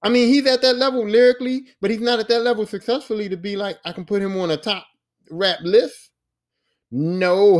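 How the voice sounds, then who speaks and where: High-pitched man ranting with profane emphasis. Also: lively intonation, normal speed. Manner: slangy street talk. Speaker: podcast host. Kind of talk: casual solo podcast rant.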